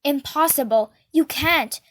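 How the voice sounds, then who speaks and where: A woman reads a hulking, menacing father with a cold killer's stare. He speaks insistently, denying and pressing hard. The voice sits high. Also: unhurried, fairly bright tone.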